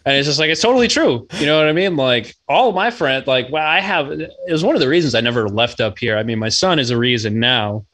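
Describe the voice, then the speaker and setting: A man's voice: mid-range voice, expressive, fairly quick, few pauses, fairly bright tone. A man from Massachusetts, a guest on a podcast, chatting casually in a laid-back, rambling way with plenty of swearing and fillers. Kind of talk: casual chat.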